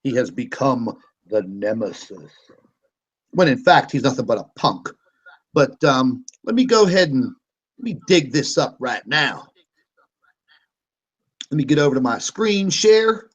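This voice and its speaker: A man's voice: mid-range voice, sing-song, unhurried, pauses often, slightly rough, muffled recording. A man hosting a casual online panel chat over a video call, talking in a meandering, hesitant and sarcastic way. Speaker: show host.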